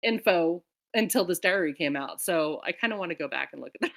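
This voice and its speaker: A woman's voice: fairly low pitch, animated, brisk, creaky. An American woman co-hosting a book club, talking in a rambling, chatty way that jumps between tangents. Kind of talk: casual chat.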